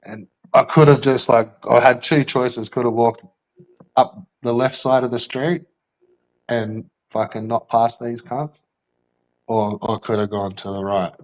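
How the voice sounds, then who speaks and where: A man's voice: medium pitch, steady tone, unhurried, poor audio. A man telling a rambling, swear-filled story in casual chat, with lots of fillers.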